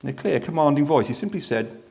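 Man doing an everyday congregant eyewitness, slightly high, gravelly, chatty and stumbling. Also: expressive, quick pace, a little mellow. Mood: storytelling. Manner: chatty storyteller, hesitant restarts. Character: ordinary man in the congregation, a jaded sermon-dozer left amazed. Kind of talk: first-person dramatic monologue in a sermon.

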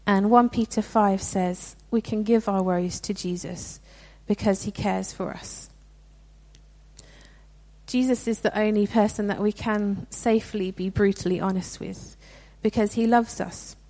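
A woman's voice: mid-range voice, steady tone, measured pace, dark tone. A young woman giving a sermon in a conversational, earnest way, with frequent restarts. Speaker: preacher.

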